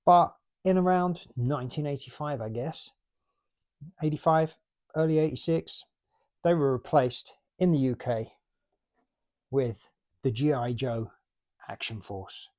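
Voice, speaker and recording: Speaking a bit slowly and pausing often, a British man in his late forties has a medium-pitched, slightly mellow voice. He rambles casually about his toy collection, chatty and ready to laugh at himself.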